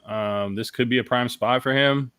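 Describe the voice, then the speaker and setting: A man's voice: mid-range voice, fairly even intonation, normal speed, fairly bright tone, smooth. A man co-hosting a casual sports podcast, talking in a hesitant way full of fillers. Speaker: podcast co-host.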